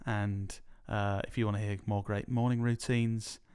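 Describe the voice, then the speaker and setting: A man's voice: lowish voice, level tone, normal speed, a little mellow, clean tone. A young man co-hosting a podcast, joking and self-mocking as he wraps up the episode. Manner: jokey, giggly, self-mocking. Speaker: podcast co-host. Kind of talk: casual chat.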